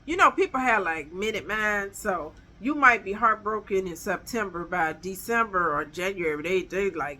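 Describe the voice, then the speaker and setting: A woman's voice: medium pitch, lively intonation, moderate pace, hardly any pauses, bright, forceful tone. A middle-aged woman, giving emphatic, chatty dating advice straight to her viewers. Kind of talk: casual advice vlog.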